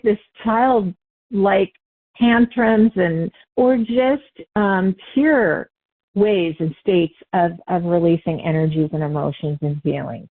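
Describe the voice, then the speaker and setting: A woman giving an unscripted spiritual teaching talk, loose and conversational, correcting herself as she goes with light laughs. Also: mid-range voice. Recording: tinny phone-like line.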